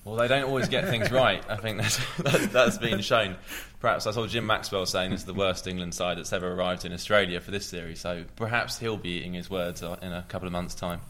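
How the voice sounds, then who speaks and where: Deep, bright-toned man on a panel. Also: steady tone, fairly quick, hardly any pauses. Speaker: podcast panelist. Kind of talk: casual chat.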